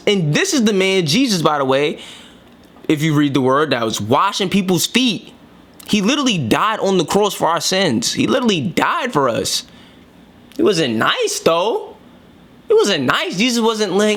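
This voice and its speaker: Slangy New York man, fairly high voice. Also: lively intonation, moderate pace, fairly bright tone. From New York City. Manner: slangy, emphatic, preachy. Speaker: commentator reacting to clips. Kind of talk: casual opinion commentary.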